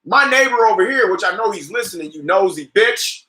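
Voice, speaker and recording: A man hosting a casual podcast, telling comedic stories in a profane, animated rant that breaks into shouting. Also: high-pitched, fairly quick. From California. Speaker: podcast host.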